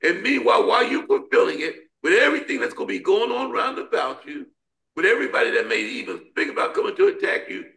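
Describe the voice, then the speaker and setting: A man's voice: high voice, big pitch swings, quick pace, vocal fry, bright, forceful tone. A man leading a Bible study discussion, preaching with an emphatic, repetitive call-and-response cadence. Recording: roomy echo.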